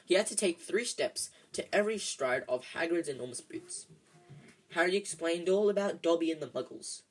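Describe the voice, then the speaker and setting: Amateur storybook reader, husky, trips over words and fixes them. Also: medium pitch, moderate pace, low-quality recording. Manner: stumbling, self-correcting. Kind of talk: amateur audiobook narration.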